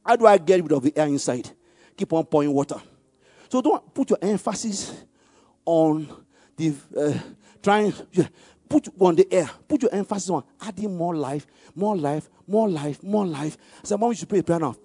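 A man preaching, leading the congregation in call-and-response and rising to loud exclamations on key words. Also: high voice, normal speed, husky, no room sound. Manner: animated call-and-response, leads the congregation to repeat verses. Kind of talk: sermon.

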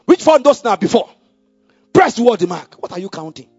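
A man preaching a sermon, dropping to a murmur and rising to loud, emphatic calls, repeating key lines for the congregation to say back. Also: high voice, sing-song, fairly quick, husky, no echo. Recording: dull lo-fi recording with faint music.

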